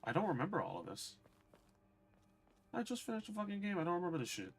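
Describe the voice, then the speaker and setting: A man's voice: high voice, wildly swooping pitch, quick pace, gravelly, husky. A man streaming a game, chatting casually and profanely to his viewers. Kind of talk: casual gameplay commentary.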